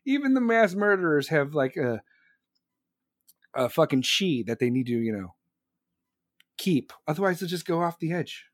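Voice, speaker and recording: A young man with a high voice rants sarcastically at his stream chat, swearing at nearly every turn. His sound is dry and close, with no room echo at all. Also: expressive, moderate pace. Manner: crude, sarcastic, swears constantly, laughs at own jokes. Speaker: livestream host reading chat. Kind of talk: profane rant reacting to chat.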